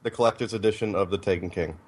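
A man co-hosting a casual podcast, making deadpan jokes. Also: low voice, very fast, slightly rough. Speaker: podcast co-host. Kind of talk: casual chat.

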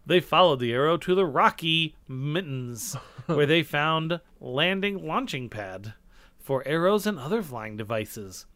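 A man's voice: a little high, lively intonation, takes it slowly, fairly bright tone, no room sound. A man reading an old childhood story aloud, giggling at it as he goes. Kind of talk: comedic read-aloud with commentary.

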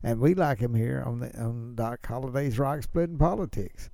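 Male host, gravelly and dark-toned, chatty political commentary, dry close sound. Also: mid-range voice, moderate pace, no echo. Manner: chatty, rhetorical questions, chuckling. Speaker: podcast host.

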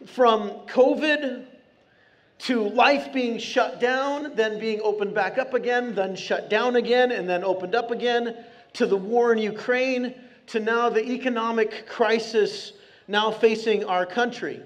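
A man preaching a sermon to his congregation in a church, talking in an earnest, conversational way and slowing down hard on key phrases. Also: very high-pitched. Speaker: pastor. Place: church sanctuary.

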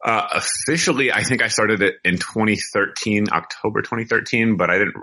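A man's voice: lowish voice, brisk, sharp tone. A middle-aged American man, a podcast guest, talking casually and rambling through his story with frequent restarts. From United States. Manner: rambling, self-correcting storyteller. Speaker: podcast guest, firearms video reviewer. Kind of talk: casual interview talk.

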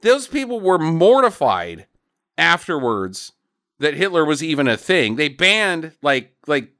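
A man co-hosting a casual podcast, recapping a movie in an animated, profane way and acting out bits of dialogue. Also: on the high side, unhurried. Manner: animated, swears a lot, acts out quotes.

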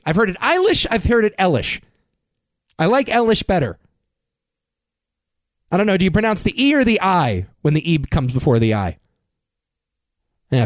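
A man's voice: on the high side, no room sound. A man hosting a casual entertainment news rundown, giving wry, sarcastic takes on shows and awards. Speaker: podcast host.

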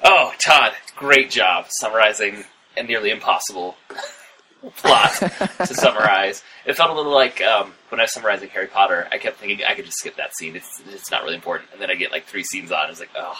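A man's voice: lowish voice, a little fast, sharp tone, slight background noise, rough recording. A man co-hosting a podcast, chatting casually with playful asides. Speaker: podcast co-host. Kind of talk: casual chat.

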